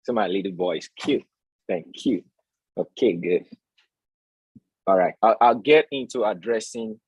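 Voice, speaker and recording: A man with a husky, slightly breathy voice teaches a live trading lesson. The sound is dry and close. He talks in a preachy way, keeps checking in with "all right?" and answers his own questions. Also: lowish voice, a little slow, no echo, low-quality recording. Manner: asks the audience rhetorical questions. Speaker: trading educator and stream host. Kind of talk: live-stream market lesson.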